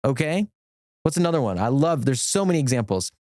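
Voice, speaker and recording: A middle-aged man, an attorney, chatting as a podcast guest, enthusiastic and rambling with quick restarts. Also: medium pitch, very animated, a little mellow, dry recording, studio quality. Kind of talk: casual podcast conversation.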